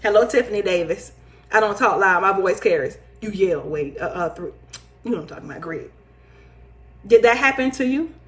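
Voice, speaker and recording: A woman hosting a casual live talk show, reading viewer comments aloud, playful and animated, often laughing and teasing. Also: medium pitch, brisk. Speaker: livestream talk show host. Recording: echoey room.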